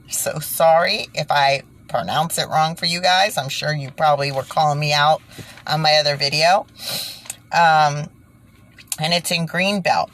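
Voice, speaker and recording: A woman's voice: low-pitched, a bit bright. A woman giving indignant commentary, repeating points for emphasis, then reading a news report aloud and stumbling over words. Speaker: video creator reading news. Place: indoors by fading daylight.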